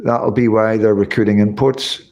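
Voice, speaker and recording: This middle-aged Northern Irish man has a lowish, slightly mellow voice with fairly even intonation and a moderate pace. He rambles and swears often on a casual livestream, reading out viewer comments and filling gaps with lots of fillers.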